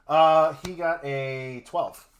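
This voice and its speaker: A man's voice: a little high, steady tone, slow, slight background noise. A man narrating a tabletop game as game master, rambling with many fillers.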